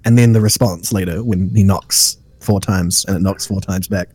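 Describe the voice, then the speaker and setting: Low, husky man talking fast. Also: steady tone, darkish tone. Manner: quick, opinionated comments. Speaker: podcast co-host. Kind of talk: casual chat.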